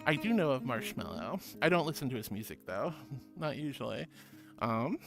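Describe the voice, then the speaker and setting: A woman streamer chatting casually and reading out viewer messages, sweet and affectionate, her voice jumping up high when she greets people. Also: big pitch swings, moderate pace, gravelly, over music.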